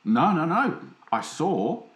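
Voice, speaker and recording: A man co-hosting a casual podcast, with a lively voice that swings up and down. He spins a playful story in mock-dramatic bits. The room sounds echoey around him. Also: on the high side, slow pace. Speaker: podcast co-host. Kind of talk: casual comedic chat.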